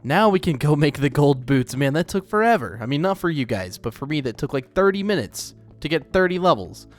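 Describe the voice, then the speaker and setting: A man's voice: a little high, very animated, brisk, faint music behind. Chatty young Oklahoma man narrating gameplay. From Oklahoma, United States. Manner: chatty, self-deprecating, rambling. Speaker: let's play host. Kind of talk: casual gameplay commentary.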